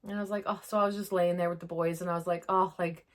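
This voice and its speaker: A woman in her forties talking casually and emotionally to camera as a family vlogger, softly, with "like" in nearly every phrase. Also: fairly low pitch, level tone, racing. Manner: soft, emotional, uses "like" constantly. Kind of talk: casual personal talk to camera.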